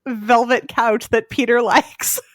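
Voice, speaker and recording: A woman's voice: fairly high pitch, steady tone, slow, no echo, studio quality. A woman co-hosting a podcast, chatting casually and playfully with lots of "like" fillers as she recaps a TV episode. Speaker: podcast co-host.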